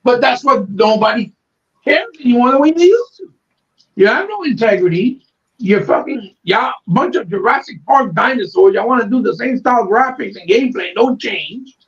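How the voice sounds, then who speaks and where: A man with a very high voice rants on a podcast, swearing freely and getting fired up as he goes. The sound is dull and lo-fi, as if the treble has been cut away. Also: expressive, moderate pace. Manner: profane, fired-up, ranting. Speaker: podcast co-host. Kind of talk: heated casual podcast rant.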